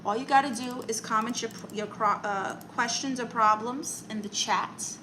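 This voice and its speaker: A woman's voice: on the high side, steady tone, moderate pace, noisy background. A woman hosting a comedic live stream, chatting with viewers and reading their comments aloud in a playful, mock-serious way. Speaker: comedic livestream host.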